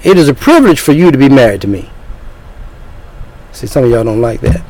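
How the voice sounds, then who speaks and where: A man preaching a sermon in a combative, lecturing way, dropping now and then into low, threatening asides. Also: big pitch swings, brisk, a little mellow, low-quality recording.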